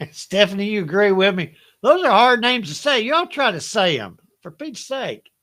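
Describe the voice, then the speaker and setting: Older Southern US man, high bright voice, unhurried, folksy trivia host who laughs often. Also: sing-song. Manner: chatty, folksy, laughs often, reads each question twice. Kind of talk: hosting a live Bible trivia game.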